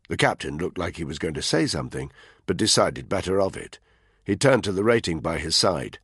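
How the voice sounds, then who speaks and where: A man narrates a thriller audiobook in a very deep, gravelly voice with a husky grain. His reading is steady and measured but lively in pitch. The sound is dry and close. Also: no room sound. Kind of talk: scripted narration.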